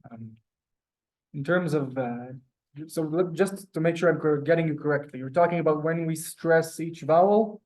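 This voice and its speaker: A man teaching a beginners' language class over a video call, relaxed and chatty, with many fillers and restarts. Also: on the high side, moderate pace, rough recording. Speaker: Hebrew teacher. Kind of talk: casual online class teaching.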